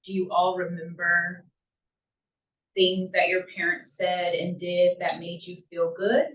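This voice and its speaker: A woman's voice: lowish voice, level tone, measured pace, a bit bright. Woman speaking far off in an echoey room. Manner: conversational, often checks in with "right?". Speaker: workshop presenter for parents. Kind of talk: informal talk to a parent group. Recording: roomy, distant, dull lo-fi room sound.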